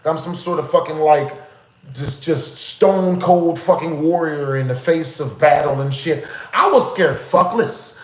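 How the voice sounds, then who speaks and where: A young man streaming live, telling a story to his chat in a casual, profane, animated way, repeating "you know what I'm saying" again and again. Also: on the high side, a little slow, roomy sound, rough recording.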